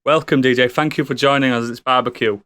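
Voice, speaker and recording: A man's voice: medium pitch, fairly even intonation, quick pace, a bit bright, no room sound. A man hosting a podcast, giving playful jokey introductions. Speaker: podcast host. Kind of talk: casual chat.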